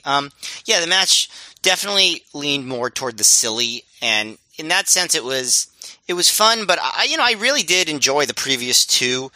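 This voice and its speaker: A man's voice: mid-range voice, animated, a little fast, sharp tone, dry recording, low-quality recording. A man co-hosting a podcast, chatting casually with dry teasing humor. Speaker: podcast co-host.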